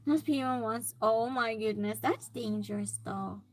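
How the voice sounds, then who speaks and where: High-voiced woman chatting slowly with viewers. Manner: reacts to chat with animated exclamations. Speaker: streamer. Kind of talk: casual chat reading viewer comments aloud.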